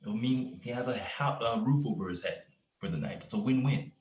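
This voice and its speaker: Guy reading a sarcastic young cop, lowish voice that jumps around, echoey room. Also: animated, a little fast, a little mellow, lightly acted. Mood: confrontational. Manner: sarcastic, combative. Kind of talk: amateur play reading over video call. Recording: roomy echo on the voice.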